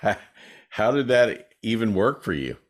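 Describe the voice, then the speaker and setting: A man's voice: fairly low pitch, sing-song, measured pace. A male host in casual podcast talk, giving short affirmations and asking eager follow-up questions.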